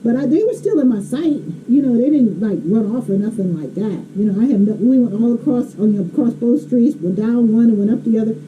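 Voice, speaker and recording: A woman tells a casual story bluntly and emphatically, laughing often. Her voice is a little high and animated, a bit fast with few pauses, and the recording sounds slightly dull with faint hiss.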